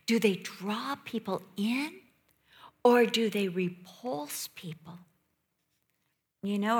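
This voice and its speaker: A middle-aged woman preaching a sermon with passion, dropping to hushed whispers and rising to loud exclamations. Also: mid-range voice, breathy edge.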